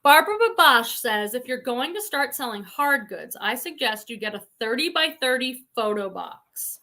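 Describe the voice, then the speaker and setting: A woman's voice: fairly high pitch, sing-song, normal speed, bright, forceful tone. A woman with a Boston accent hosting a casual livestream, chatting and reading viewer comments aloud. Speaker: reseller livestream host.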